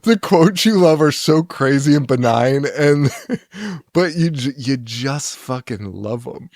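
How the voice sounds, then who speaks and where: Podcast co-host, male, unhurried, swears a lot, chuckles through his rambles, dry sound. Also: mid-range voice, expressive, a little mellow, no echo. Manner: profane, rambling, laughs often. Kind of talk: casual chat about films.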